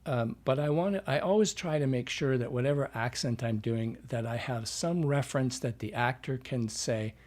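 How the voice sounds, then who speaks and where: A man's voice: medium pitch, normal speed, few pauses, darkish tone. A man, a dialect coach, talking as a guest in a podcast interview. He explains at length and keeps checking in with "right?".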